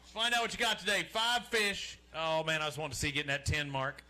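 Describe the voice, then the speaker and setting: At an outdoor lakeside weigh-in stage, a man emcees a live fishing weigh-in, joking and chatting as he calls out names and weights. His voice is a little high and expressive, with a brisk pace and a sharp tone.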